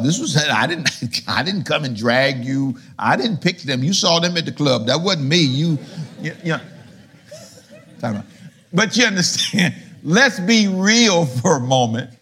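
Middle-aged male pastor, fairly high voice, lively sermon delivery with rhetorical questions. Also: husky. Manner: animated preaching, rhetorical questions; swings from low murmurs to loud high emphasis.

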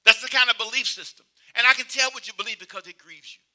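A male preacher with a high, piercing, sharply bright voice delivers a sermon. He hammers repeated phrases in call-and-response style, pushing hard one moment and dropping to a low murmur the next. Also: fast talker. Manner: swings between loud exhortation and quiet, low asides.

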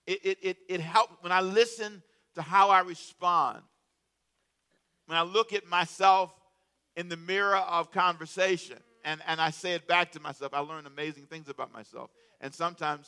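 A man preaching a sermon as a pastor, animated and calling out to his congregation, often repeating words. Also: on the high side.

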